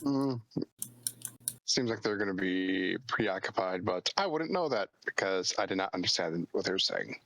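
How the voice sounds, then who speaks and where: A man's voice: sits low, animated, normal speed, a bit bright, dry recording, poor audio. A man playing a tabletop game, talking casually and hesitantly. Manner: hesitant, stop-start speech. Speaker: player.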